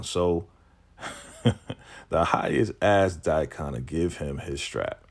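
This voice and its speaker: A man giving a casual, animated recap of a TV episode, talking slangy and laughing as he retells the scenes. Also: extremely low pitch, slow pace. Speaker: TV recap vlogger.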